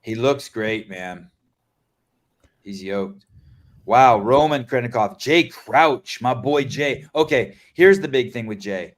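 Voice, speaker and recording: A man hosting a casual podcast, excitable and swearing, trailing off into fillers and restarts. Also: medium pitch, takes it slowly. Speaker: podcast host.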